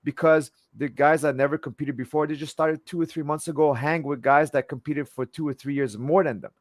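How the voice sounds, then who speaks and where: A man's voice: on the high side, fairly even intonation, a little fast, no echo. Dry, eager French-accented man in his forties. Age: 40s. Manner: passionate, eager, often repeats and restarts words. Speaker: jiu-jitsu instructor, guest. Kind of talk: casual interview chat.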